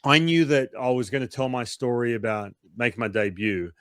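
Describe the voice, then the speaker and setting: A man, a former pitcher, telling a long story in a casual interview, animated and acting out quotes. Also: dry recording, clean studio sound. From Australia. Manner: animated, acts out quotes, swears, fast run-on storytelling. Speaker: former baseball pitcher, guest.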